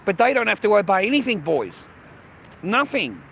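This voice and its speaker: Beside a road with traffic and street noise around him, a middle-aged Australian vlogger vents to the camera, worked up and swearing, saying things over and calling the viewer mate. His high voice is sing-song and a bit bright, with vocal fry, at a moderate pace.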